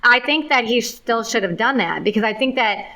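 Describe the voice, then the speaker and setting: A woman's voice: fairly high pitch, expressive, normal speed, sharp tone. A woman co-hosting a film podcast, talking in an enthusiastic, rambling way with lots of restarts. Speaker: podcast co-host. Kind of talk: casual film review chat.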